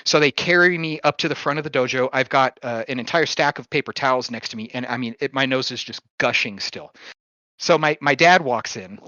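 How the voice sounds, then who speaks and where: A man hosting a podcast, casually telling a story, lively, swearing freely and chuckling as he goes. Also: medium pitch, a little fast, dry recording, highs cut off.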